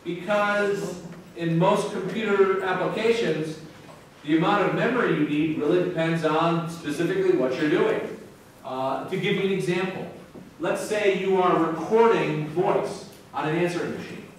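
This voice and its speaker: A man's voice: high voice, normal speed. A male university professor giving a classroom lecture to students in a casual, joking manner. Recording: echoey hall from far off with faint noise.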